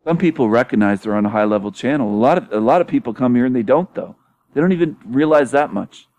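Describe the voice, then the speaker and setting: A man's voice: medium pitch, animated, fast, darkish tone, dry recording. A man hosting his own video channel in a casual monologue, mocking his critics with frequent laughter, swearing and emphatic repetition. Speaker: YouTube channel host.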